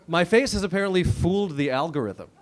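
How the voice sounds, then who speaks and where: With a high, animated voice and a fast pace, an American comedian in his thirties works a comedy club stage, and a slight hiss or hum can be heard. His humor is wry and self-deprecating, delivered conversationally over audience laughter.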